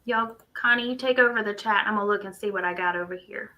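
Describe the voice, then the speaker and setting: A woman's voice: mid-range voice, fast, bright, forceful tone, rough recording. A woman, co-hosting a casual crochet livestream and thinking aloud as she works on screen. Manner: chatty, thinks aloud while working on screen.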